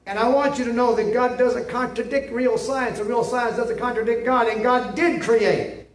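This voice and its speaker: Preacher guy with a high voice, pushy and repeating himself, sounds far from the mic. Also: fairly even intonation, normal speed. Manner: emphatic, repetitive, asks "see?". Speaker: pastor. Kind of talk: sermon. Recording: echoey room, mic at a distance.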